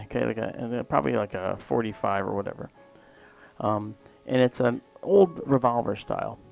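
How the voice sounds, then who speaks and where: Gravelly-voiced man telling a rambling story. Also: medium pitch, a little mellow. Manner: rambling and anecdotal, often trailing off mid-sentence. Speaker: livestream host. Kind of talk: casual spoken storytelling.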